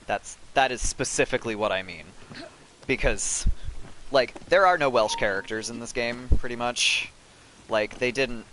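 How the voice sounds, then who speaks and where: A man's voice: on the low side, pushed and bright, a little hiss or hum. A man chatting loosely to viewers while playing a video game live, swearing freely and rambling. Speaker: game streamer. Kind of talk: casual live-stream commentary. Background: game music.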